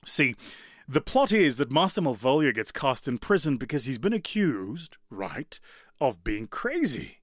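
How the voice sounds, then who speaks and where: A man giving a motivational talk in an animated, conversational way, often turning to the audience. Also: medium pitch, measured pace, no echo, clean studio sound. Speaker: public speaker.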